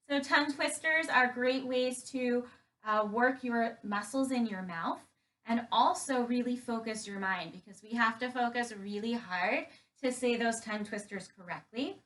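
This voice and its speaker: Higher-voiced woman cueing kids through yoga poses, encouraging, mic sits a bit far off. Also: moderate pace, fairly bright tone. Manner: clear step-by-step cueing, encouraging. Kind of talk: guided yoga lesson for children.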